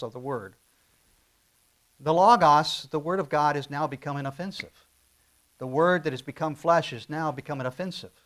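A middle-aged male pastor preaching a sermon, swinging from loud stressed phrases down to quiet asides. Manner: emphatic, rising to loud stresses then dropping low.

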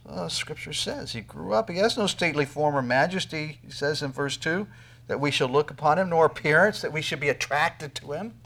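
A man preaching a sermon, talking to the congregation with rhetorical questions and swinging from loud emphasis to near whispers. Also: a little high, expressive, fairly quick. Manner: emphatic preaching with sudden loud peaks and quiet drops. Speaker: pastor.

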